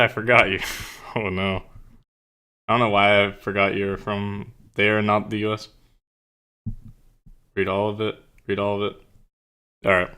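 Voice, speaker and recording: A male streamer with a somewhat low voice and a bright, pushing edge. He talks in a loose, rambling way, full of swearing and self-conscious asides, then reads his own story aloud to his viewers. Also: clear, resonant tone. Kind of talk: casual live-stream chat and reading aloud.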